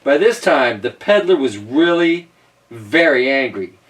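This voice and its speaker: A man's voice: medium pitch, very animated, measured pace, fairly bright tone. A man reading a children's picture book aloud, with playful, chatty asides to young listeners. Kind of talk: read-aloud storytime with joking asides. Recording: voice a bit distant from the mic.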